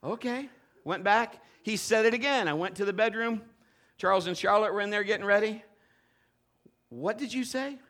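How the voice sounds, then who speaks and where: High-voiced, bright preaching man. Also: brisk. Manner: animated participation preaching, urging the congregation. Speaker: pastor. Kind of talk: live sermon. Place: church sanctuary with a congregation.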